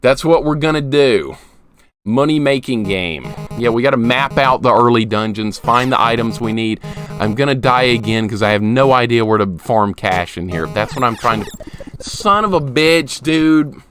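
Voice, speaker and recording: A man streaming a retro game live, commentating and greeting viewers, often frustrated and yelling at the game. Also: medium pitch, normal speed.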